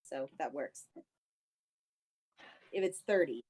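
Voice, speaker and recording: A woman's voice: a bass voice, expressive, takes it slowly, darkish tone, slightly rough. A woman playing a tabletop game, explaining things in a rambling, self-correcting way. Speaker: player. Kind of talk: casual tabletop game play.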